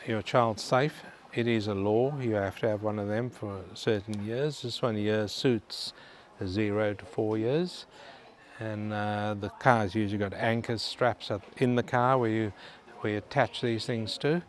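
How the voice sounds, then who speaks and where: A man's voice: lowish voice, a little hiss or hum. An Australian man casually walking through a department store, chatting to viewers and reading out prices. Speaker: vlogger. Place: indoor department store in a shopping centre.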